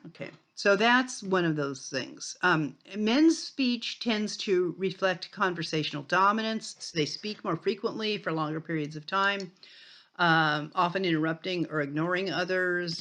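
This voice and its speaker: A woman's voice: on the low side, a bit bright. Older woman giving a rambling lecture. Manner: conversational, rambling with fillers and restarts. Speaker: sociology lecturer. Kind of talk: recorded college lecture.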